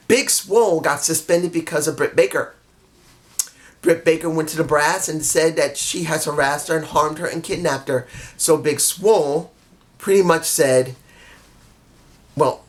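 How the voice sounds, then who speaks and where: A tired vlogger recapping a wrestling show to camera, blunt and emphatic, swearing freely. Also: mid-range voice.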